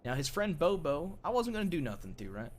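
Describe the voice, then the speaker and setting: A young man in character for a roleplay game, narrating a violent outlaw tale with plenty of cursing. His voice swings widely up and down as he tells it, and drops low and hushed at the darkest moments. A faint hum of ambience sits behind him. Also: very animated, brisk. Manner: rough, profane outlaw storytelling, drops low and quiet.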